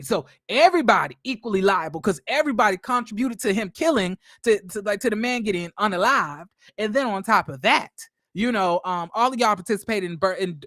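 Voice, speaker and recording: A man casually recapping a TV episode for viewers, animated and swearing freely. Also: high-pitched, no room sound, studio quality. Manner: animated, swears a lot, addresses viewers as y'all. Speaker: show reviewer.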